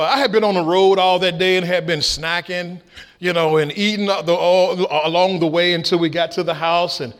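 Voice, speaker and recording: A middle-aged man preaching a sermon, with shouted peaks and folksy stories. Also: high voice. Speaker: pastor.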